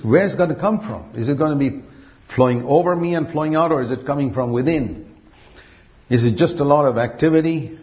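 A man's voice: mid-range voice, vocal fry. Earnest preacher man, dull recording. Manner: earnest, rhetorical questions, slows to stress key phrases. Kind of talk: sermon.

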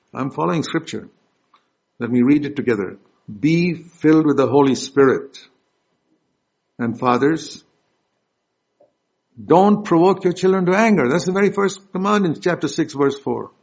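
Emphatic husky male preacher, lo-fi. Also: medium pitch. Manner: emphatic, swings between loud stresses and soft asides; direct, addresses the congregation with questions. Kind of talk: sermon. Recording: dull lo-fi recording.

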